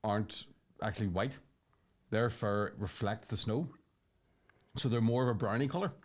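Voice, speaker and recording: A man's voice: lowish voice, normal speed. A man, co-hosting a podcast and telling rambling, sweary comic stories, laughing often. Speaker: podcast co-host. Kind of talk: comedic storytelling chat.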